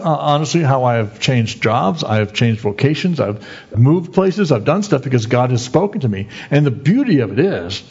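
A man's voice: medium pitch, slightly rough. A male pastor giving a folksy, conversational sermon and acting out the voices in his stories. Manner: lively storyteller who acts out the quoted voices. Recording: dull lo-fi recording.

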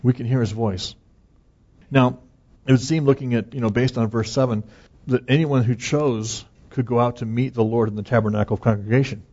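Pastor, man, husky tone; earnest conversational preaching with light chuckles, muffled low-fi sound. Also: fairly even intonation, brisk, dark tone. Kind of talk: conversational sermon.

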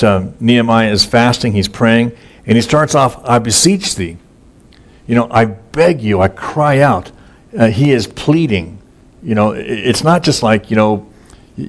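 A man preaching a conversational sermon that is casual and folksy, with many fillers and repeated words. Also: on the low side. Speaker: pastor. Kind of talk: sermon, conversational Bible teaching.

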